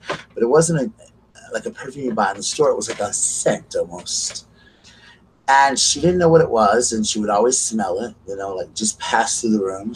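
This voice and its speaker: A man's voice: on the low side, animated, normal speed. A man with a Southern US accent hosting a live call-in show, telling a story in a rambling way with lots of fillers. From South Carolina, US. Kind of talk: casual chat. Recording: distant mic with faint background noise.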